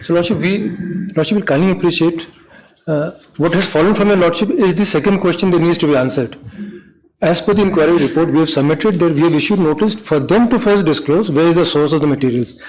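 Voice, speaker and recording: A man, a government lawyer making halting, deferential submissions in court. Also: fairly high pitch, darkish tone, rough recording. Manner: deferential, halting, repeats "Lordship". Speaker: government counsel.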